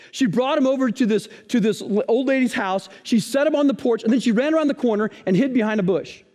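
A man preaching a sermon as pastor, telling jokes and stories in an animated, playful way. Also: sits high, in a large hall. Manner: animated storytelling with playful asides. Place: church hall.

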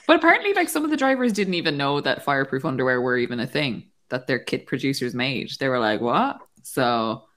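A woman's voice: very deep voice, big pitch swings, quick pace, few pauses, fairly bright tone. A woman co-hosting a casual podcast chat, making wry jokes. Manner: wry, joking. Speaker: podcast co-host.

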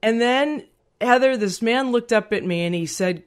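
Middle-aged woman guest recounting a memory; lively, heartfelt, voices the people she quotes. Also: medium pitch, moderate pace. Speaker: podcast guest. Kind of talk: personal storytelling in an interview.

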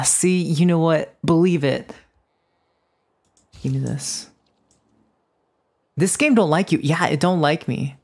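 Low-voiced excitable woman streamer. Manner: playful, teasing banter with chat; excitable outbursts. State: just woke up. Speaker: game streamer. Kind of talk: casual live gaming commentary.

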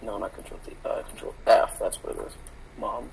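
Hesitant gravelly young man on a call. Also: fairly low pitch, steady tone, fairly quick, a little mellow, rough recording. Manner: hesitant, apologetic, repeats words. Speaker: podcast co-host and story writer. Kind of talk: casual chat. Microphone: video call on a shaky computer.

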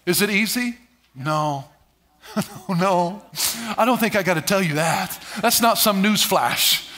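A man's voice: sits high, sharp tone. A middle-aged male pastor preaching a sermon in church, calling for responses and repeating key phrases. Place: church sanctuary.

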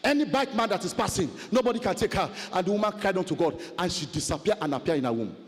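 A man preaching a fiery sermon testimony, chanting and shouting repeated refrains. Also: sits high, animated, quick pace. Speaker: pastor. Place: large conference hall. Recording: long hall reverb.

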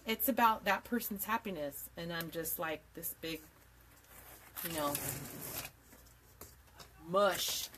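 Chatty bright-voiced woman hosting a craft stream. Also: on the low side, slow, pauses often, slight background noise. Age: 40s. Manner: chatty and rambling, laughs often, greets viewers by name. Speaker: craft tutorial host. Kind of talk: live-streamed craft tutorial chat. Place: home craft desk indoors. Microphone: camera mic at a desk.

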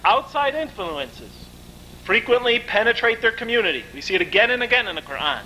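A man giving a lecture, telling stories in a vivid, animated way. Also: high voice, fairly quick, a little hiss or hum, poor audio. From United States. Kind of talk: storytelling lecture.

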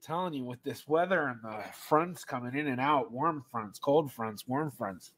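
A man's voice: medium pitch, moderate pace, a bit bright. A man hosting a casual live stream as a genealogist, chatty, laughing easily as he greets viewers by name, and bothered by allergies. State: allergies, sneezy.

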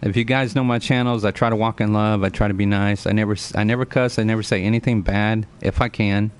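Clear and resonant, his voice is on the low side with a steady tone and a quick pace. The man, in his forties, holds a casual live-stream chat, earnestly lecturing, repeating himself, and answering viewers by name.

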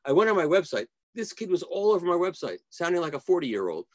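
High-pitched and sing-song, this man talks fast in a recording with no room sound. He's a guest audio reviewer in a casual interview, rambling through stories and restarting his sentences often.

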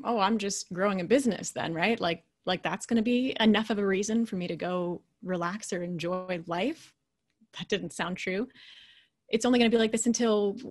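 Woman giving an animated, storytelling motivational talk. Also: a little high. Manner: conversational and animated, dropping to quiet, hushed asides. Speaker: keynote speaker and leadership coach.

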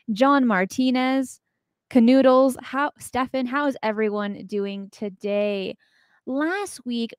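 A woman hosting a casual live-streamed talk show, upbeat and chatty. Her voice sits fairly high, and the recording is close and dry. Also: no echo. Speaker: show host.

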